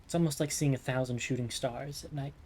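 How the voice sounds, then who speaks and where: A man running a tabletop game as game master, describing scenes slowly and in detail. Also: mid-range voice, steady tone, darkish tone, slight background noise. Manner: slow, descriptive scene-setting.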